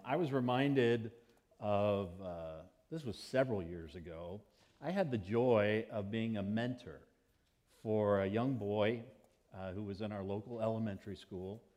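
Storytelling male pastor preaching. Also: lowish voice. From United States. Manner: storytelling with lively, acted-out quotes of children. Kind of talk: sermon.

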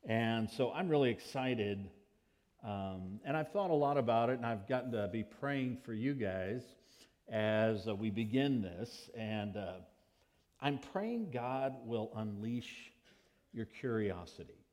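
A middle-aged man preaches a sermon from the pulpit as pastor. He tells stories in an easy, mid-pitched voice and acts out children's questions along the way. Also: slow pace. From United States. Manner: storytelling with lively, acted-out quotes of children.

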